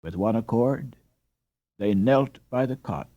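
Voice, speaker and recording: A man narrating a classic children's novel in a measured, expressive storytelling manner. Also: medium pitch, no echo, lo-fi sound. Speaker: audiobook narrator. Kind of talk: scripted narration.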